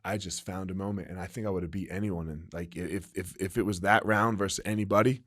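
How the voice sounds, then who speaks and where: A man's voice: low-pitched, fairly even intonation, fast talker, a bit bright. Emphatic ex-fighter telling his story. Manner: profane, emphatic, frequent "right?" and "like". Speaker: guest, former fighter and gym owner. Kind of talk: candid storytelling interview.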